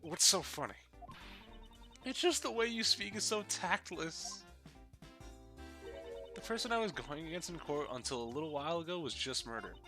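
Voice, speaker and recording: A man reading out a flippant young woman from a video game who mocks everyone she meets, in a bright, sharp voice over faint music. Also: a little high, expressive, moderate pace, pauses often, voice pushed up. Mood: dismissive. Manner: mocking, flippant. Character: teasing playful young woman. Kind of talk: live-streamed game reading.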